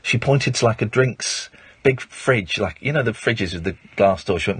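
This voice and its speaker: Husky, lively late-night radio host. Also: male voice, on the low side, normal speed. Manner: rambling anecdote with many fillers and restarts. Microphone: studio microphone.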